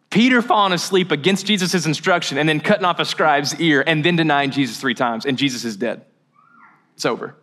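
A man preaching a sermon as a pastor, telling a story in a casual, animated way and laughing at his own jokes. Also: a little high.

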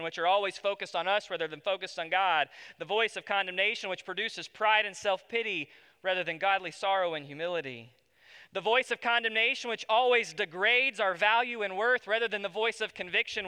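A pastor preaching a sermon to his congregation, swinging between loud emphasis and hushed tones. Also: high-pitched, clear, resonant tone. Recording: long hall reverb.

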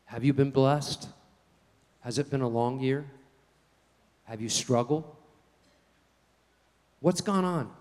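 A man preaching a sermon, telling folksy stories in an animated way. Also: medium pitch, takes it slowly, long pauses, in a large hall. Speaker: pastor.

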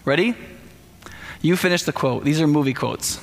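A man preaching a sermon in a conversational, animated way, speaking directly to the congregation. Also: a little high, normal speed, creaky, pauses often. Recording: long hall reverb.

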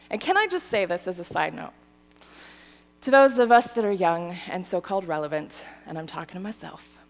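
A woman's voice: mid-range voice, big-room sound. A woman preaching a sermon in a conversational way, often checking in with her listeners. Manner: animated, conversational, often asks the audience "right?" and "okay?". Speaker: pastor.

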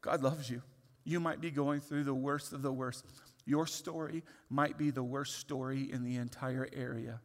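A man, a pastor, delivering a sermon that moves from quiet reflection to loud, pleading emphasis. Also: mid-range voice, steady tone, moderate pace, long reverb tail.

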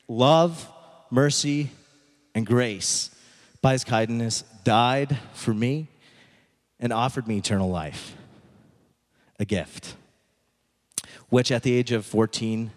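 A man giving a sermon as a pastor, telling a story slowly and emphatically, dropping at times to a near whisper. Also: mid-range voice. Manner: dramatic storytelling, slow emphatic pauses, drops to near whisper. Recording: echoey hall.

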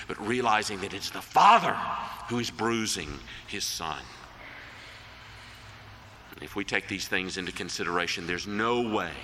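A man delivers a sermon with an earnest, deliberate manner, drawing out quoted verses. His voice sits a little high and rings bright and forceful. The sound carries the long reverb of a large church hall. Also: slight background noise. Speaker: preacher.

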